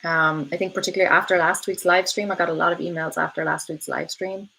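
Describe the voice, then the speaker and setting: A woman's voice: lowish voice, fairly even intonation, fast, creaky, pushed and bright, breathy edge, rough recording. A woman hosting a casual live stream, chatting with viewers, often saying um and laughing between thoughts. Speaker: host of a live stream, reading viewer comments.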